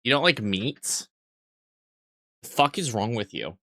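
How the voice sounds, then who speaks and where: A man's voice: medium pitch, big pitch swings, slow pace, sharp tone, no room sound, studio quality. A young man streaming live, joking crudely and rambling as he reads and answers his chat.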